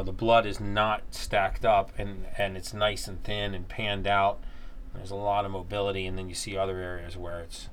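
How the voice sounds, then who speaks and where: Man, low voice, numb mouth with gauze, calm explainer in a dental office. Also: a little hiss or hum. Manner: explaining steadily, lecture-like. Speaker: host, patient. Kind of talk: conversational explanation.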